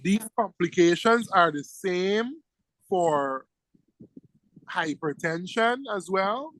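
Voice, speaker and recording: High-voiced doctor teaching. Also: male voice, takes it slowly, a bit bright, low-quality recording. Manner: emphatic, repeats key words, checks in with "right?". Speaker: medical lecturer. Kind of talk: exam-prep lecture to students.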